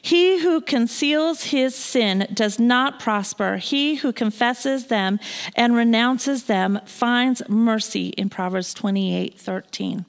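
A woman preaching a sermon in a church, moving between loud proclamation and hushed asides. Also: a little high, takes it slowly. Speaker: guest preacher. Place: church sanctuary.

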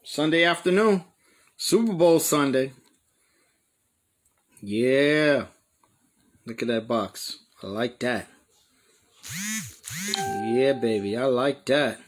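A man hosting a pigeon show live stream, chatting excitedly with viewers and greeting them by name. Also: mid-range voice, takes it slowly, long pauses.

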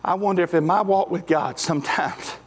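Folksy pastor preaching in a hall. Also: male voice, high-pitched, fairly quick, breathy edge. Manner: folksy, emphatic, rising to shouts at climaxes. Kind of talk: sermon. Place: church sanctuary. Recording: echoey hall with faint music.

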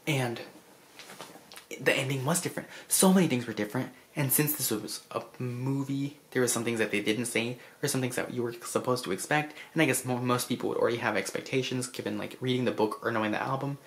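A vlogger casually recapping a film in an effusive, rambling way, full of restarts and asides, clearly moved by the story. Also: medium pitch, fairly bright tone, a little hiss or hum. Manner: emotional about the story.

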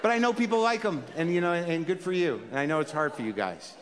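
A man's voice: a little high, lively intonation, quick pace, big-room sound, noisy background. A man performing a stand-up comedy set, talking conversationally and ranting in mock exasperation.

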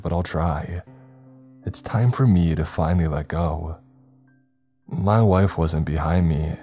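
Very deep-voiced man narrating horror. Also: dark tone. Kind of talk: scripted first-person horror narration. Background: faint background music.

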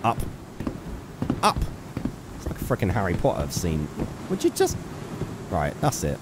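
A man's voice: low voice, big pitch swings, moderate pace, heavy background noise. A young man giving playful live gameplay commentary, chatting to his viewers and scolding an in-game character. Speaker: game streamer.

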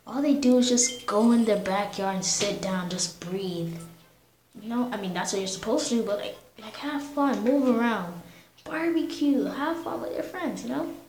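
A woman's voice: fairly high pitch, lively intonation, normal speed, darkish tone, echoey room, poor audio. A woman giving casual commentary on a life-simulation game, rambling and slangy as she talks to herself and her viewers. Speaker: gamer.

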